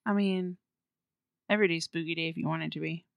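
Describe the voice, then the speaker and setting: Chatty woman with a lowish voice. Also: fairly even intonation, fast talker, gravelly, no echo. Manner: chatty, giggly, stumbles with fillers. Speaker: podcast co-host. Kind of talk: casual podcast chat and storytelling.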